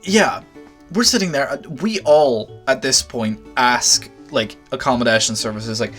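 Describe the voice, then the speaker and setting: A young man telling a storytime anecdote, exasperated and swearing, with animated outbursts. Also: medium pitch, a little slow, faint music behind. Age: young adult. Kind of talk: storytime vlog.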